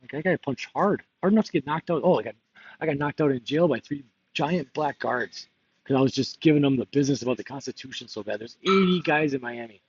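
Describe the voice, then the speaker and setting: A man's voice: mid-range voice, lively intonation, fast talker, lo-fi sound, slight background noise. A man talking candidly in a rambling confessional monologue, laughing often and drifting between topics. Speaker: political candidate.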